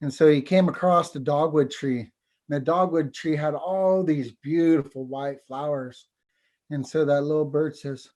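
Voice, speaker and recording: Man telling a story on a call, slightly high. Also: steady tone, darkish tone. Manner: unhurried, halting, repeats words. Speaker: language teacher and storyteller. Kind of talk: oral storytelling. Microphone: video call.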